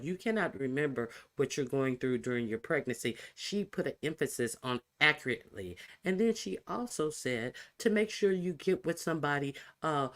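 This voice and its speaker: A man with a somewhat high voice comments casually on a clip. He stops and restarts often and fills pauses with "uh" and "um" as he talks. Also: fairly bright tone. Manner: halting, with many fillers and restarts. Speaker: commentary video host.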